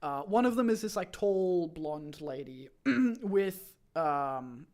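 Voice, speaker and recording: High-voiced young man rambling. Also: expressive, slow pace, darkish tone. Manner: rambling storyteller with many fillers and restarts. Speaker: streamer host. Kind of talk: casual chat.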